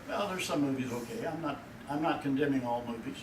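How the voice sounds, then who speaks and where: A male pastor preaching a sermon in a folksy way, his voice rising and loud whenever he quotes God. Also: mid-range voice, brisk, few pauses, slight background noise. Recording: echoey room from far off.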